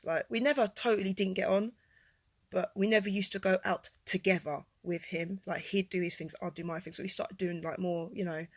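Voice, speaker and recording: A woman telling a personal story to camera, rambling with many fillers and jumping between quiet and loud. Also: steady tone, fairly quick, husky, dry recording. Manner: swings from low and quiet to loud and high-pitched. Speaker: vlogger telling her life story.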